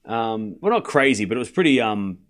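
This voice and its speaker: A man's voice: medium pitch, very animated, a little fast, fairly bright tone. A young man hosting a live tennis watchalong, chatting casually with his stream chat and calling the score in a rambling way. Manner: chatty, rambling, with fillers and restarts.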